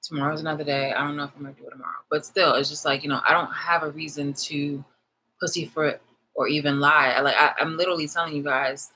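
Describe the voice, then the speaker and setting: A woman's voice: low-pitched, steady tone, quick pace, sharp tone, slight background noise, low-quality recording. Agitated, profane woman ranting on a live stream. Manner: profane and agitated, repeats phrases for emphasis. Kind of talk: live-streamed personal rant.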